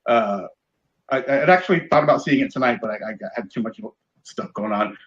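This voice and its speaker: A man's voice: mid-range voice, fairly quick, fairly bright tone, muffled recording. A man in a casual chat, speaking hesitantly with many fillers and asking the others questions. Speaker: podcast co-host.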